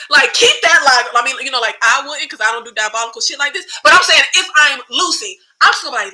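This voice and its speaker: Sassy, high, bright-voiced woman. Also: fast talker, few pauses, low-quality recording. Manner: animated, sassy, acts out characters' lines. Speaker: show recap host. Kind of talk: casual TV recap commentary.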